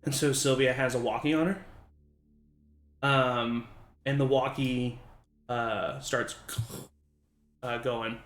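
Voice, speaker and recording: A man's voice: mid-range voice, fairly even intonation, slow pace, pauses often, a bit bright, roomy sound. A man narrating as game master for a tabletop game, rambling with many fillers.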